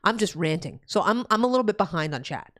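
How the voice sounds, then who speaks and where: Animated, foul-mouthed woman streamer ranting. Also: fast talker. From New Jersey, USA. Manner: profane ranting, loud swings in pitch. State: pregnant. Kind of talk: casual live-stream chat.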